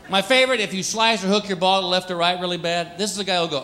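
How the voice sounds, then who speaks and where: A man's voice: sits high, racing, few pauses, noisy background. A man performing a stand-up comedy routine, telling stories and acting out the people in them. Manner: animated storytelling, acts out characters, frequent laughter from crowd.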